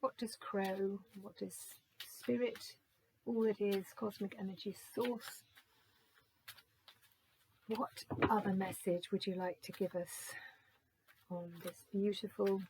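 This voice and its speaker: A woman giving a gentle, musing oracle card reading, slowly reading out card texts and reflecting on them. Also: mid-range voice, fairly even intonation, slight background noise, low-quality recording.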